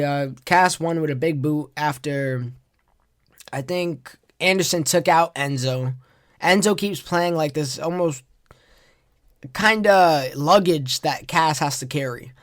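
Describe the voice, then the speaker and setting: A man with a slightly high voice recaps wrestling in a loose, rambling way. He sounds exasperated and vents freely, recorded dry and close with no room sound. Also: fairly bright tone, no room sound. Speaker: podcast host.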